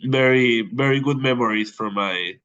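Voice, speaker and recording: A man from Peru whose first language is Spanish, answering as an English student in interview practice and haltingly searching for words. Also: mid-range voice, a bit bright, lo-fi sound.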